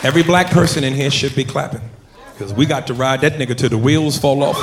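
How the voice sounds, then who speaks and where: A man's voice: medium pitch, fast talker, background noise. A man doing stand-up, punchy and provoking the crowd. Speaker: stand-up comedian. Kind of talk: stand-up comedy routine. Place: live comedy club. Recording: roomy live stage with crowd.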